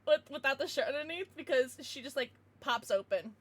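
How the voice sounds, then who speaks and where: Brief: young female livestreamer, giggly and chatty with her viewers, high and animated. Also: a little fast. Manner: giggly, chatty, talking to chat. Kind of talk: casual livestream chat.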